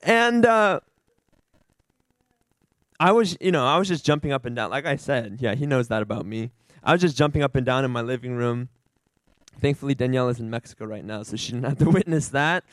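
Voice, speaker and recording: A man giving an earnest, animated testimony to a church gathering, rambling and restarting as he talks. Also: medium pitch, a little fast, long pauses, dry recording, low-quality recording. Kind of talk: informal sermon sharing.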